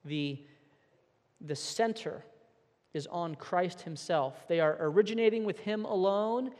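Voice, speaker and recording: A man's voice: high voice, a little mellow. A man preaching a sermon from the pulpit, earnest and emphatic, now and then repeating a word as he presses his points. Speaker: pastor. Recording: long hall reverb.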